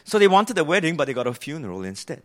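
A man's voice: fairly high pitch, big pitch swings, fast. A man preaching an earnest sermon, explaining a passage and asking his listeners questions.

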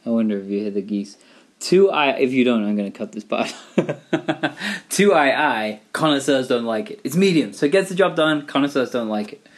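A man's voice: medium pitch, lively intonation, moderate pace. A middle-aged man from England, talking in a wry, rambling, digressive monologue. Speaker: vlogger. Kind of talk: casual monologue.

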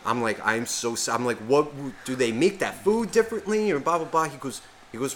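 A man's voice: mid-range voice, a little fast, a little hiss or hum, poor audio. A man telling a story on a podcast, swearing constantly and acting out the voices of the people in it. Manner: swears constantly, animated retelling with quoted voices. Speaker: podcast co-host. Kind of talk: casual storytelling chat.

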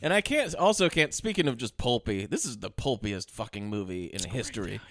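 A man's voice: medium pitch, expressive, fairly quick, a bit bright, no room sound, studio quality. A man co-hosting a casual film podcast, retelling scenes with laughter and profanity. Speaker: podcast co-host.

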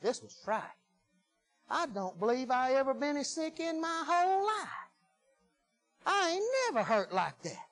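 A man preaching a sermon in a folksy, emphatic way that swings from loud to hushed. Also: very high voice, very animated, moderate pace, pauses often, poor audio.

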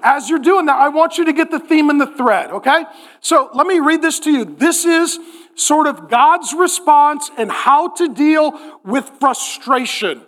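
A man's voice: very high-pitched, measured pace. A man in his forties preaching a sermon in church, joking and acting out little voices. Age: 40s. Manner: animated, joking, acts out voices in quotes. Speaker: pastor.

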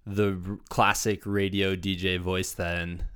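A man's voice: low voice, level tone, takes it slowly, a bit bright, clear, resonant tone, no room sound, clean studio sound. A man hosting a podcast, introducing his guest in a chatty, self-deprecating way, with many fillers and restarts. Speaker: podcast host.

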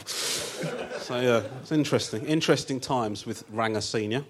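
A man's voice: mid-range voice, animated, brisk, hardly any pauses, crowd noise. A man, a comedian guest telling stories on a live show in a chatty, self-mocking way, often laughing at his own jokes. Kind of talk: comic storytelling on a live show. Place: theatre stage before a live audience.

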